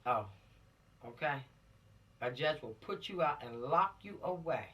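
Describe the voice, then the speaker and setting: A man's voice: on the high side, expressive, a little slow, bright, forceful tone, recorded from a distance, highs cut off. Emphatic man lecturing teens. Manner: emphatic, preachy, repeats points to drive them home. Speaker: law instructor for teens. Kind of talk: informal spoken lesson.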